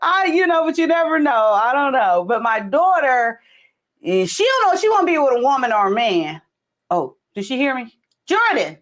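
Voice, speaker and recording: A woman's voice: high-pitched, very animated, normal speed, fairly bright tone. A middle-aged woman hosting a casual livestream, rambling between topics and answering viewers' comments. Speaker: livestream host. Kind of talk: casual live chat with viewers. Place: home, in California.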